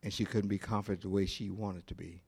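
A male pastor preaching a sermon, telling a story in a slow, deliberate way with pauses. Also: low-pitched, fairly even intonation, vocal fry, darkish tone, slightly rough.

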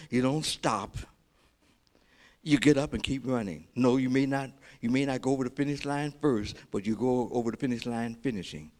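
A man preaching a sermon as pastor, repeating short exhortations and building into loud, excited storytelling. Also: mid-range voice. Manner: emphatic, repeats key phrases as exhortation.

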